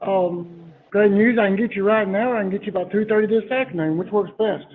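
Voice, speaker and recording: A high, husky-voiced man rattles off eager sales patter at a fast clip in role-play. The sound is tinny and phone-like. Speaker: sales trainee.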